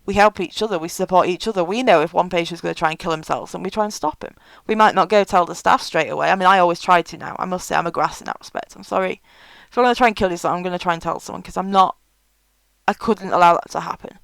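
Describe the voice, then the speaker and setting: A woman's voice: on the low side, quick pace, creaky, fairly bright tone, no room sound, poor audio. A woman giving frank, chatty advice in a casual vlog, with many fillers. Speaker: vlogger.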